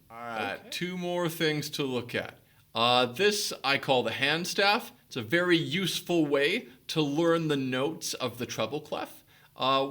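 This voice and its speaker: Music teacher guy walking kids through recorder basics, bright voice, lots of "excellent"s. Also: medium pitch. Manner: encouraging, instructional, praises often. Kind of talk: recorder lesson for children.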